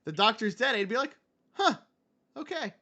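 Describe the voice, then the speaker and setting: A man's voice: very high voice, lively intonation, normal speed, sharp tone. A man co-hosting a casual chat, chiming in with jokes and restarts. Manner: stammering, jokey interjections. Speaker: podcast co-host.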